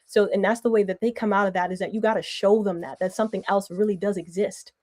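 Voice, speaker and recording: A woman hosting a talk podcast who asks her questions casually and works through her thoughts as she speaks. Her pitch sits in the middle range. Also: fairly even intonation, fast talker, warm tone. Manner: casual, thinks aloud with fillers. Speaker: podcast host. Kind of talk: conversational interviewing.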